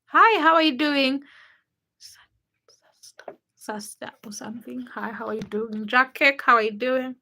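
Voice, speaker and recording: Young Ugandan woman, livestream host, bright tone, higher voice, chatty with the chat. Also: measured pace, pauses often. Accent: Ugandan English. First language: a Ugandan language. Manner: greets viewers by name one after another, chatty. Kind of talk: casual livestream chat reading comments.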